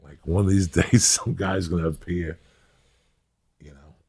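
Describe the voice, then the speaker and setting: A middle-aged man hosting a podcast, telling rambling, animated stories in casual chat. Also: sits low, measured pace. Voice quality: very raspy and gravelly. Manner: animated, rambling, acts out scenes. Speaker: podcast host.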